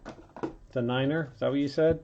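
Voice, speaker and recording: Over a lo-fi recording with a little hiss or hum, a man with a mellow, mid-range voice narrates his card pulls at a moderate pace and fairly even intonation. He throws in chatty remarks while hosting the break, though he seems slightly sick.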